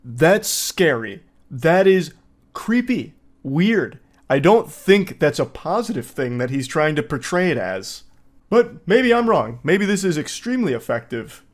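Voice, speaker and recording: A man's voice: a little high, sing-song, unhurried. A man hosting a reaction commentary, sarcastic and mocking. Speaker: commentary host.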